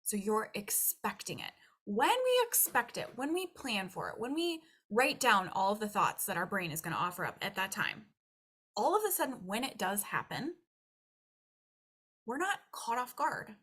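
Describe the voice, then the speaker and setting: A young adult woman, a nutrition and weight loss coach, giving casual coaching advice in an animated way and acting out her own inner thoughts. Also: medium pitch, moderate pace, breathy edge.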